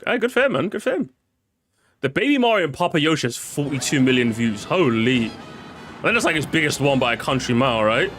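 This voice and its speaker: A man's voice: a little high, big pitch swings, brisk, a bit bright. A young man chatting casually with viewers as he plays, rambling and swearing freely, with game music behind him. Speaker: streamer. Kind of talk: casual gaming commentary.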